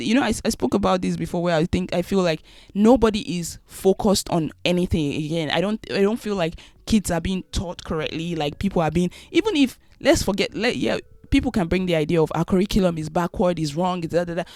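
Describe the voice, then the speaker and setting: A woman's voice: fairly low pitch, darkish tone, dry recording. A Nigerian woman with a Nigerian accent, giving an emphatic opinion monologue and often repeating phrases.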